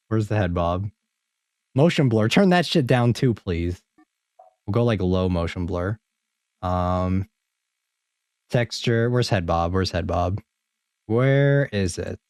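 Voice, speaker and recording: A man streams a horror game, chatting casually with viewers, joking and swearing freely as he plays. He has a low-pitched, darkish voice with no room sound.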